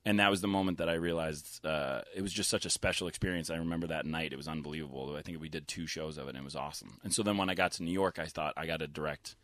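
A man from Massachusetts, a guest actor in casual interview chat, joking and quick. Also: very deep voice, steady tone, fairly bright tone, no room sound.

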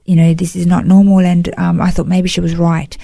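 Warm woman telling her story. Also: lowish voice, flat delivery, brisk, vocal fry, no room sound. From Australia. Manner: earnest, emotional storytelling with frequent "you know". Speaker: interview guest. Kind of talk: personal testimony in an interview.

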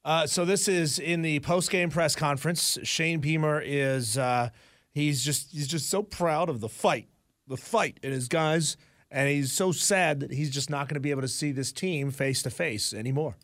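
A man's voice: on the high side, moderate pace, a bit bright, no echo, studio quality. Wisecracking male radio co-host. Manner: wisecracking, storytelling. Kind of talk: sports talk radio.

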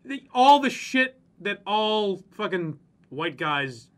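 Animated high-voiced ranting man. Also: slow pace. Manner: profane, ranting, mocks people in exaggerated voices. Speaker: podcast co-host. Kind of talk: casual ranting chat.

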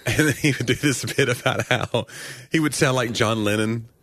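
A man's voice: medium pitch, normal speed, fairly bright tone, no room sound, clean studio sound. A man, a comedian, chatting casually and joking on a podcast, laughing often. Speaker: comedian co-host.

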